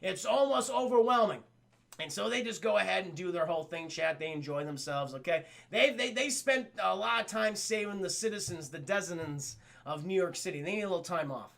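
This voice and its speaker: A young man giving a casual, profane review of a cartoon episode, talking excitedly to his stream chat. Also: high-pitched, brisk, vocal fry.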